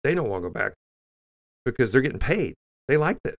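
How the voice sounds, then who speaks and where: A man's voice: medium pitch, big pitch swings, fairly quick, gravelly. An older man hosting an opinionated news commentary show, blunt and scornful, often restarting sentences with fillers.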